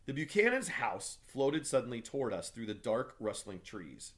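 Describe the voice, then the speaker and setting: A man, a teacher, reading a novel aloud for his class with steady, measured delivery. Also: medium pitch.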